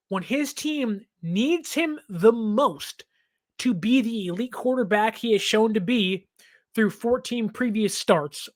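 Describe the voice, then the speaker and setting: Hosting a sports reaction show, this twenty-something man talks in an impassioned, emphatic way with the occasional laugh. His voice is high.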